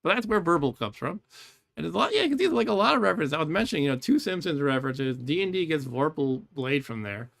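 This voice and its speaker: A man's voice: a little high, very animated, fast, creaky, fairly bright tone. A man streaming a game with casual commentary, chatty and rambling, laughing often.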